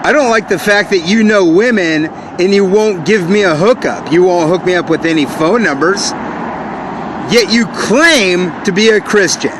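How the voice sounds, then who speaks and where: A man in his forties ranting angrily to camera, repeating accusations and working himself up into shouted outbursts. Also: high voice, moderate pace, noisy background. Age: 40s. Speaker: vlogger. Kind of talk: angry rant to camera.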